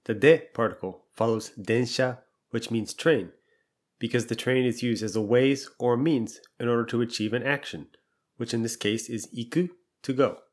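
A man's voice: mid-range voice, darkish tone. A man explaining a language lesson patiently and step by step, asking quiz questions and walking through the answers. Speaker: language teacher.

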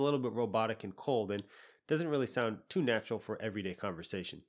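A man teaching a podcast language lesson, explaining patiently and saying example phrases slowly. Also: on the low side, sing-song.

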